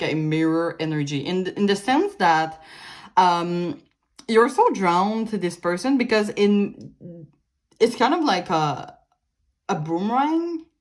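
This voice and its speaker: Woman, young adult, tarot reader, rambling delivery, fillers and restarts, mid-pitched voice. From Canada. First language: French. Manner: meandering, many fillers and restarts, light laughs. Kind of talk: casual pick-a-card tarot reading.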